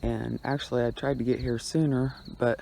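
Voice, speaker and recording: A man with a gravelly, mellow, mid-range voice talks at a moderate pace in a flat way, chatting casually to camera on a road-trip vlog. He holds his phone at an outdoor forest campsite, rambling and trailing off, while wind buffets the audio and crickets chirp behind him.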